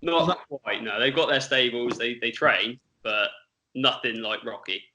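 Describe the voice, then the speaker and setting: A man gives betting tips as a podcast guest, in a plain and confident way. His voice is mid-pitched and very bright, with a sharp edge. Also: a little slow, slight background noise. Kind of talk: casual chat.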